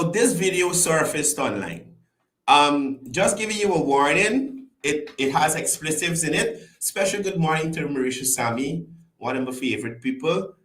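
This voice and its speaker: A man's voice: fairly high pitch, roomy sound. A man hosting a commentary show, chatting and greeting viewers by name. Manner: chatty, greets viewers by name, lively rising and falling delivery. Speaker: host. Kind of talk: casual call-in style commentary show.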